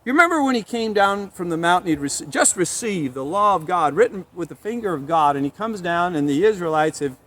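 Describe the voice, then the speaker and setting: A man's voice: high-pitched, a little fast, hardly any pauses, slight background noise. A man preaching a sermon, telling stories and reading scripture aloud with rising emphasis. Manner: animated storytelling, reads scripture with rising emphasis.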